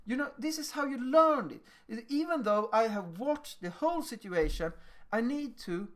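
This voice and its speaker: A man with a Swedish accent giving a lecture on teaching, animated and acting out little dialogues with children. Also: very high voice, normal speed.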